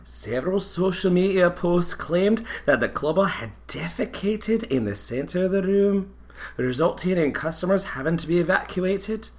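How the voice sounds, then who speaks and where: A man's voice: sits high, animated, normal speed, a little mellow, voice pushed up. Man putting on a fussy old Scottish nanny. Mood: reading aloud. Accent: put-on Scottish. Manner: genteel, fussy, calls everyone dear. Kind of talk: comedic character skit.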